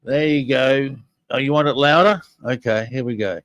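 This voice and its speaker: Older male podcast host, casual and eager, mid-pitched, dry close sound. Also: moderate pace, a bit bright, dry recording, dull audio. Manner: chatty and enthusiastic, talking straight to listeners. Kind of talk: casual podcast commentary on audio clips.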